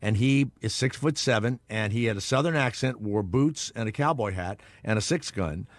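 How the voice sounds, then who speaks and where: A man's voice: on the low side, normal speed, dry recording. A man from Louisiana hosting a call-in radio show, ranting in a rambling, profane, opinionated way. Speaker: radio talk show host.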